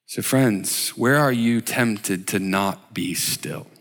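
A man preaching a sermon slowly and emphatically, asking his listeners rhetorical questions. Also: lowish voice, fairly bright tone, long reverb tail. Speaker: worship leader giving a short sermon. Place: church sanctuary.

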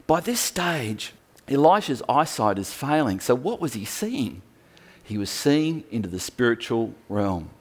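A male pastor preaching a sermon, telling stories with animated emphasis. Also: mid-range voice, unhurried, slightly rough.

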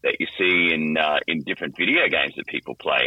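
A middle-aged voice actor in a casual interview, talking animatedly with lots of restarts. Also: male voice, a bass voice, brisk, no echo, highs cut off. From Australia. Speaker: voice actor and guest.

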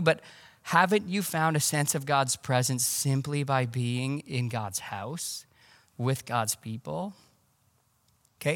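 A man preaching a sermon as pastor, conversational and animated, with casual asides. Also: a little high, long reverb tail. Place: church.

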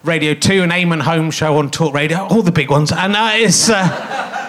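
A man's voice: fairly high pitch, moderate pace, fairly bright tone. A man hosting a comedy podcast live on a theatre stage, rambling through self-mocking stand-up stories and chuckling at his own jokes. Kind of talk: live stand-up style monologue.

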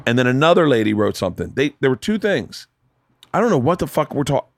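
A man's voice: medium pitch, fast talker. A man hosting a podcast in a home studio, telling stories in loose casual chat. He rambles, swears freely and gets heated. The sound is close and dry, with no room echo at all. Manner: animated, profane, rambling. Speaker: podcast host.

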